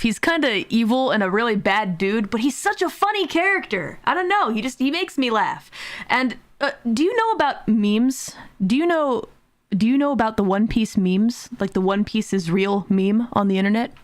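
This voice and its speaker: A woman's voice: fairly high pitch, animated, moderate pace, dry recording. A woman streaming a game in a casual, exasperated way, laughing often and swearing.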